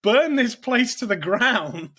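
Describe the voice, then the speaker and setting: A man's voice: extremely high pitch, lively intonation, slow, pushed and bright, slightly rough. A man chatting casually about films on a podcast, swearing freely and laughing often. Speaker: podcast co-host. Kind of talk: casual film chat.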